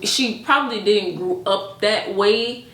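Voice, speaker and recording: A woman's voice: medium pitch, slow pace. Chatty woman podcast co-host, echoey room. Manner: chatty, many "like" fillers, animated quoted asides. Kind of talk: casual chat.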